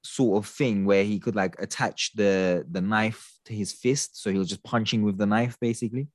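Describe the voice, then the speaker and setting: A man casually retelling film scenes to a friend, animated and sprinkled with swearing. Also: lowish voice, normal speed, no room sound, studio quality.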